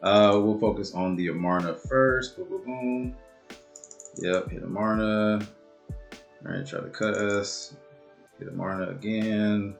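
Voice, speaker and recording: A man giving live commentary on his own game match, swearing often and swinging from low muttering to loud outbursts. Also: steady tone, unhurried, gravelly, pauses often, faint music behind. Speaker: gamer and video creator.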